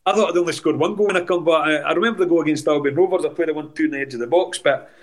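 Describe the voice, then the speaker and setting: Scottish ex-footballer telling rambling stories. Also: male voice, a little high, racing, background noise. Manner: animated, rambling anecdotes with many restarts. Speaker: former footballer, guest. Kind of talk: casual storytelling in a podcast interview.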